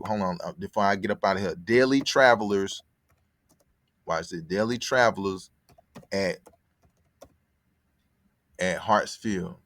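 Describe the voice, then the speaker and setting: A lowish, slightly bright voice belongs to this podcast host, born in Connecticut and brought up in Atlanta. He rambles through a story in a casual, profane way, often repeating himself, and the recording is dry and studio quality.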